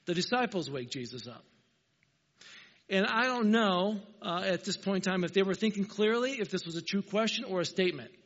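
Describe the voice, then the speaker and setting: A man preaching a sermon, telling the story with animated, emphatic asides. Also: high voice, brisk. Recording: reverberant hall, dull lo-fi sound.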